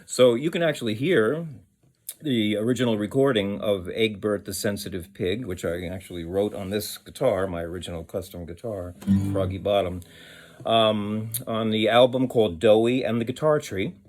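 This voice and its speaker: A man's voice: fairly low pitch, moderate pace, darkish tone, soft background music. A man, a children's musician, telling a story in a rambling, hesitant way with many fillers. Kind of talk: casual storytelling with sung song.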